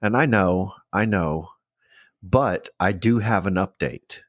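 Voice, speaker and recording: A man with a lowish voice talks in a relaxed, rambling way on his podcast, tossing in casual swears. The sound is dry and close, with no room around it. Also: slow, dry recording. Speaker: podcast co-host. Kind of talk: casual chat.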